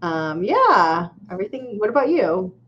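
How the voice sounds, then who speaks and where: A woman co-hosting a podcast in easygoing casual chat, quick to laugh. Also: mid-range voice, sing-song. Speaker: podcast co-host. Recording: muffled lo-fi call with faint noise.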